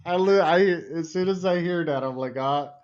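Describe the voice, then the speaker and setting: Slangy male host, mid pitch, slightly dull lo-fi audio. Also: moderate pace, a little mellow, clear, resonant tone. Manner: casual, slangy, "you know what I mean". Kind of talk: casual interview chat.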